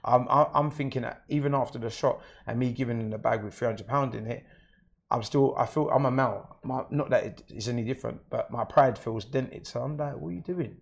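A man's voice: medium pitch, brisk, creaky. A man with a London accent, a guest in an interview, recounting his own experience in a plain, matter-of-fact way. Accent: London English. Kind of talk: personal story in an interview.

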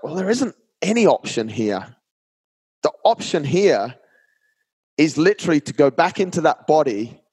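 A man's voice: medium pitch, no room sound. Chatty man telling a story. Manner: animated, chatty, often says "mate". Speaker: podcast guest. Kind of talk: casual storytelling.

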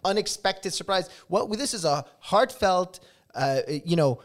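A man's voice: sits high, animated, a little slow. A man co-hosting a podcast, earnestly defending a film, often restarting his sentences. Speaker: podcast co-host. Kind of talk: casual comedic debate.

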